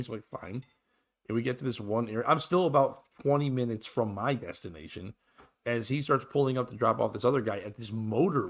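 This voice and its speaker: A man's voice: fairly low pitch, a bit bright. A middle-aged man hosting a solo podcast, telling a crude, exasperated story in a ranting manner. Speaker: podcast host.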